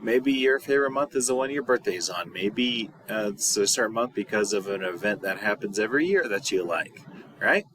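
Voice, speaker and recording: A man teaching a recorded video lesson as a high school Spanish teacher, patient and repeating words slowly. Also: animated, fairly bright tone.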